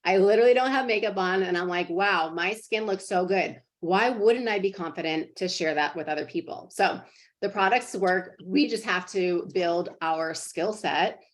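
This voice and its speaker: A woman in her thirties with a slightly low voice chats to her sales team over a video call. She is earnest and encouraging, full of "like" and "um," and her stories tumble out in a loose, friendly ramble. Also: moderate pace. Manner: chatty, filler-heavy, earnest and encouraging. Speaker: team leader coaching sales partners. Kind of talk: casual motivational talk to a team call.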